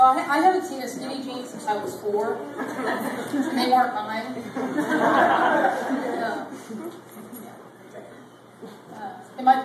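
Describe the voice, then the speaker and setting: On a comedy club stage, a woman in her thirties delivers a rambling, self-deprecating stand-up set in a high-pitched voice. A distant mic picks her up in the echoey club, with audience laughter adding to the noisy background.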